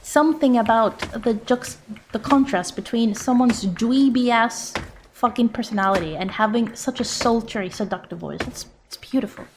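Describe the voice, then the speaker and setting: Young woman, live-stream chatter; excitable and giggly, slightly high voice, faint room noise. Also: moderate pace. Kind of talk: casual live-stream chat.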